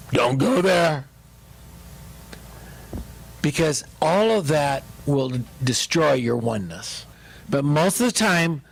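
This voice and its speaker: A man pastor teaching about marriage, joking and animated as he speaks to his listeners. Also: fairly high pitch, vocal fry, rough recording.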